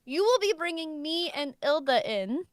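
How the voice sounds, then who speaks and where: High voiced girl at a tabletop game, eager, keeps pitching plans, bouncy. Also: animated, moderate pace, no echo. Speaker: player.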